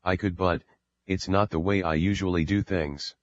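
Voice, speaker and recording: A man reading a calm alien guardian. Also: low-pitched, moderate pace, no room sound, lo-fi sound, close to an everyday voice.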